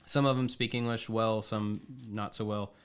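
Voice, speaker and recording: A man co-hosting a casual podcast chat, calm and mostly answering with brief listener remarks. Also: lowish voice, moderate pace, smooth. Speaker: podcast co-host.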